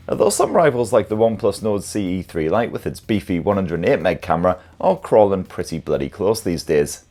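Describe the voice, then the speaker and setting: A man's voice: deep voice, darkish tone. A man hosting a casual tech news show, full of cheeky, sweary, self-mocking banter.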